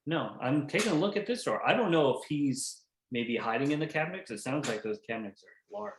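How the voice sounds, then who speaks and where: A man's voice: medium pitch, expressive, brisk. A man playing a tabletop game, asking questions in a hesitant, casual way. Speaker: player. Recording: echoey room, faint noise.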